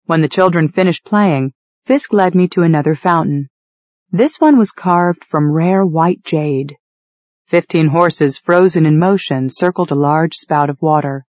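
A woman narrating a novel in the first person, in an even, measured storytelling manner. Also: low voice, no echo. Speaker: audiobook narrator. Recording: dull, dry studio read.

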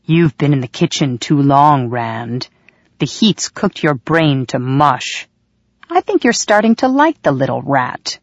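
Woman doing a scornful kitchen gossip taking bets, mocking and low, dry dull read. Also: sing-song, measured pace, dry recording, full character voice. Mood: taunting. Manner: scornful, taunting. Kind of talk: audiobook character voice.

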